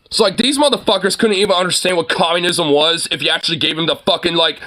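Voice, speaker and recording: Forceful, fast-rambling ranting man. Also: a little high. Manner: rambling, heavy filler words, frequent mocking laughter. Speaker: online commentator. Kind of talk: profane political rant.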